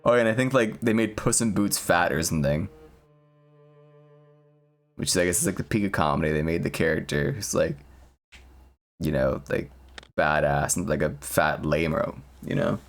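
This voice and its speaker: A young man talks while he plays a game on stream, with a voice that sits on the low side. He rambles, jokes crudely and laughs a lot between thoughts. Faint string music from the game plays behind him. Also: normal speed, long pauses. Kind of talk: casual gameplay chat.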